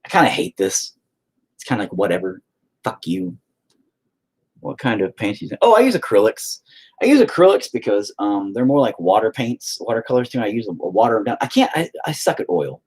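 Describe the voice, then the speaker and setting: A man's voice: fairly low pitch, big pitch swings, a little fast, a little mellow, husky. A man chatting casually and profanely with viewers while he paints, rambling and putting himself down. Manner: profane, rambling, self-deprecating.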